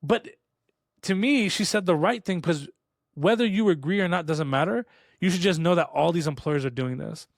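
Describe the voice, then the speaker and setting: A man co-hosting a podcast, telling stories in a casual chat. He talks fast and rambles with restarts, and he acts out quoted lines in a raised voice. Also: on the high side, gravelly, dry recording, studio quality. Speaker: podcast co-host. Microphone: studio podcast mic.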